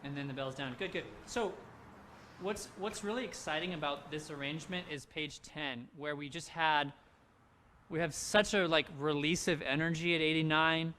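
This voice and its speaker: A man leading a handbell rehearsal, coaching players through measures and singing the rhythms on nonsense syllables in a relaxed, encouraging way. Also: on the high side, normal speed, noisy background. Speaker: handbell director. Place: home, recorded for a virtual event.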